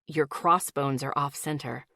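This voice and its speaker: Woman voicing a gentle, soft-spoken young man. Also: steady tone, no echo, clean studio sound, full character voice. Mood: gentle, wry. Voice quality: smooth, silky. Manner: soft, low and slow. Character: gentle young man, kind, quietly sad.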